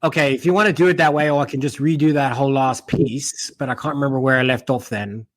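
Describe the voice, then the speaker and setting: A man's voice: mid-range voice, steady tone, fast, dry recording. A man with a blended South African accent hosting a casual podcast chat. He is chatty, laughs easily and steers the show to its close. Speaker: podcast host.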